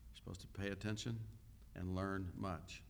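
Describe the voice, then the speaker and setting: A man preaching a sermon and teaching from a Bible passage, talking conversationally, asking questions and pausing often with "uh.". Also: deep voice, flat delivery, gravelly, a little hiss or hum. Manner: unhurried teaching with frequent "uh" pauses; conversational, asks the listeners questions. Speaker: pastor.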